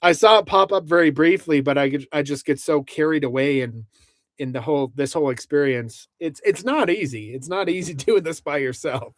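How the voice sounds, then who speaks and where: A man's voice: a little high, fairly quick, no echo, clean studio sound. Rambling man chatting on a livestream. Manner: rambling, many restarts, laughs between lines. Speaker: livestream host. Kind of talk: casual livestream chat, reading out viewer comments. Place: inside a truck camper.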